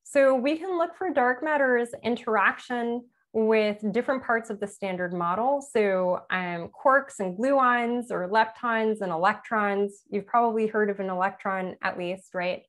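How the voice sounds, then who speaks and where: A woman's voice: fairly high pitch, a little slow, hardly any pauses, a bit bright. Woman giving a casual science lecture. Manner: explains plainly with everyday examples, self-correcting. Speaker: physicist giving an author talk. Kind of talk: conversational public lecture.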